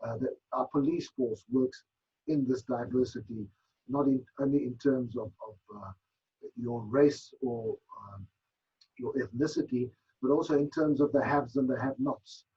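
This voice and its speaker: Gravelly man, reflective. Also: medium pitch, big pitch swings, normal speed, dark tone, a little hiss or hum. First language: Afrikaans. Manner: reflective, searching for words with many restarts. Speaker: author guest. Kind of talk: radio interview answers. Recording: dull lo-fi broadcast audio.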